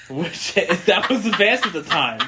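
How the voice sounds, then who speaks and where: A man co-hosting a casual podcast, giving animated, opinionated movie reviews and laughing easily. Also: high-pitched, very noisy. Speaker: podcast co-host.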